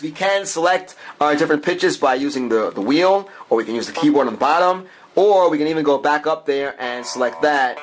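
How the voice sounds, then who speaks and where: Chatty man demoing an app. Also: mid-range voice. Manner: chatty, enthusiastic, frequent "take a look" and uh fillers. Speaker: app reviewer. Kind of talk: app demo walkthrough.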